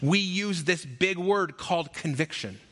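Man, pastor, sermon, bright tone, slightly high voice, emphatic rhythmic delivery. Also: a little slow. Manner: energetic, emphatic preaching with lists and acted asides.

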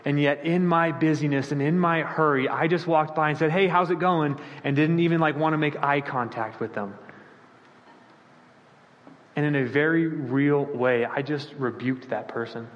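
A male pastor preaching a sermon, animated and storytelling, acting out the voices of the people he quotes. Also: normal speed, long reverb tail, muffled recording. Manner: animated, acts out quoted voices with sudden pitch jumps.

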